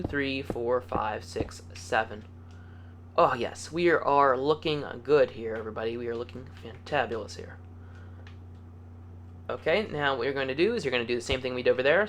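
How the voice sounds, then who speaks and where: Upbeat man hosting a casual building tutorial, counting blocks aloud; bright, keen voice with a faint hum behind. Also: medium pitch, normal speed. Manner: upbeat and chatty, playful words, easygoing. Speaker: video game tutorial host.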